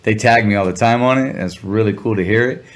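A man's voice: fairly low pitch, fast talker. A man being interviewed as a musician guest, telling a casual, slangy story and briefly acting out other people's voices. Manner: laid-back slangy storyteller who acts out voices. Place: Los Angeles area.

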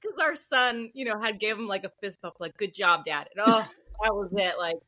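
A woman author, a podcast guest, telling a story in a chatty, animated way with lots of fillers. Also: mid-range voice, normal speed. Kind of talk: casual podcast interview storytelling.

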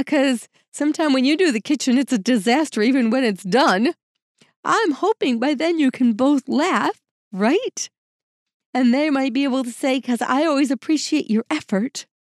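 Woman host, relationship advice talk, lively delivery that acts out quoted lines, slightly higher pitch, dry close sound. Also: dry recording. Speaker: podcast host.

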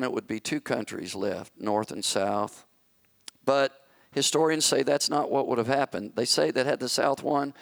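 A male pastor telling a story in a sermon, acting out the characters and rising to shouted commands. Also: mid-range voice, creaky, no echo.

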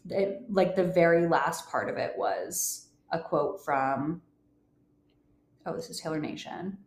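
Young woman podcaster, kinda low voice, gasps and gushes a lot. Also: measured pace, a little hiss or hum. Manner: gushing, gasping excitedly. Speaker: podcast co-host. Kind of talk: casual chat.

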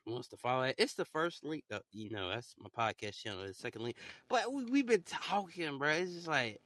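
A man's voice: medium pitch, bright, forceful tone, no room sound. A young man hosting a podcast in loose, casual chat, rambling in slang with lots of fillers. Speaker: podcast host.

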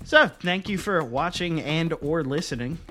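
A young man with a very bouncy, expressive voice chats easily and tosses in quick reactions. Clear music plays behind him. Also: on the high side. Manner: relaxed, reacts with short interjections. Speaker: podcast co-host. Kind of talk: casual chat.

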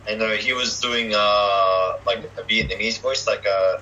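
A man's voice: lowish voice, fairly even intonation, unhurried, hardly any pauses, bright, forceful tone, muffled recording. A young man chatting casually and hesitantly, with lots of fillers and restarts. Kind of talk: casual chat.

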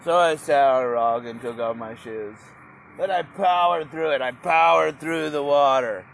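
A man's voice: fairly high pitch, moderate pace, gravelly, a bit bright, slight background noise. A man talking in a rambling, profane philosophical monologue, repeating his phrases as he goes.

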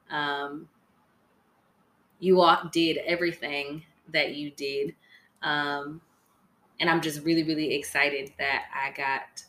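A woman hosting a podcast in casual, earnest chat, often pausing with "um" and "like". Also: low voice, sharp tone, echoey room, a little hiss or hum. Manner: earnest, many fillers like "um" and "like". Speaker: podcast host.

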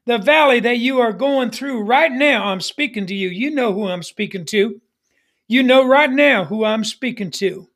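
Middle-aged male pastor, strikingly high voice, emphatic sermon delivery with call-and-response refrains. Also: moderate pace, a bit bright.

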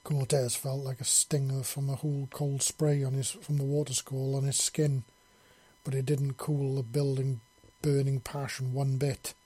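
Male narrator, audiobook, steady storytelling, dark, husky. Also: medium pitch, moderate pace.

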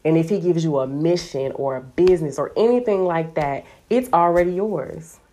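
Low-voiced woman teaching scripture casually. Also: normal speed. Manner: chatty, animated, heavy use of "like". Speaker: Bible teacher.

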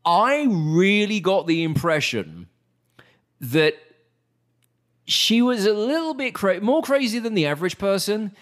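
A man's voice: high voice, measured pace, pauses often. A man co-hosting a podcast, telling anecdotes in casual chat and acting out quoted lines. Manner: animated anecdotes with put-on quotes. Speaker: podcast co-host.

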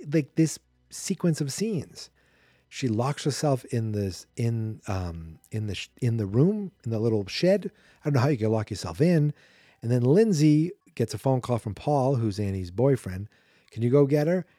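Mellow-voiced podcast host rambling through a recap. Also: male voice, medium pitch, big pitch swings, normal speed, dry recording, studio quality. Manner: rambling, chatty, self-correcting. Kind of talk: casual movie recap commentary.

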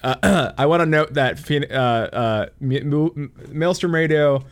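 A man's voice: on the high side, unhurried. A man from the United States hosting a casual podcast chat, joking and laughing often, with plenty of restarts. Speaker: podcast host.

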